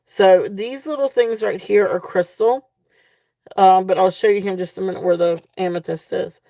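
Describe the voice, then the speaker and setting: A woman's voice: medium pitch, steady tone, moderate pace, mellow, dry recording. A woman hosting a live jewelry sale, talking casually and gushing over each piece, repeating her praise with plenty of ums and restarts. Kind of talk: casual live-stream selling.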